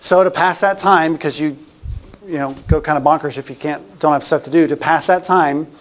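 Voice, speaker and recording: A man's voice: a little high, fairly quick. A middle-aged man giving a casual workshop talk, chatty and anecdotal, often restarting his sentences. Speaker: workshop presenter.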